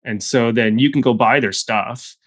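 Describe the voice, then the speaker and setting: A man talking as a guest in a casual interview, an animated storyteller full of quick restarts. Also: mid-range voice, no room sound. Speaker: guest, software founder.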